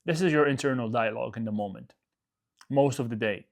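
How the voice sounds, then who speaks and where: A man's voice: mid-range voice, brisk, vocal fry. A male coach giving a motivational talk to his audience, emphatic, repeating his phrases and often checking in with "okay?".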